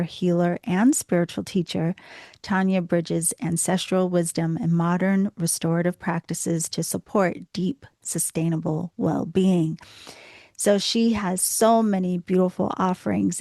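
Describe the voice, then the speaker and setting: A woman with a Boston accent hosts a podcast, her lowish voice carrying a gravelly fry. She gushes warmly over her guest, and the sound is close and dry with no room around it. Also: dry recording. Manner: effusive, gushing with praise. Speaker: podcast host. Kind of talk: podcast interview.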